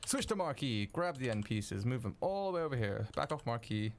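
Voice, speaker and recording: A young man streaming while he edits video, chatting casually with viewers, excitable and swearing freely. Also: mid-range voice, brisk, vocal fry, very noisy. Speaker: streamer editing video live. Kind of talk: casual live-stream chat.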